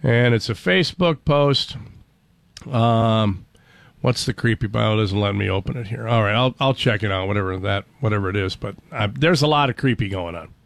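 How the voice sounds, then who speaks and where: A man's voice: on the low side, normal speed, vocal fry, dry recording. A man hosting a talk radio show, rambling sarcastically with many fillers. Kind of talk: casual talk radio banter.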